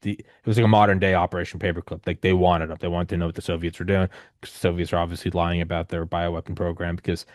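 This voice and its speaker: A man in his thirties hosting a podcast, telling stories in a loose, rambling, animated way with casual swearing. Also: deep voice, quick pace, no echo, studio quality. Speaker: podcast host. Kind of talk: casual conversational storytelling.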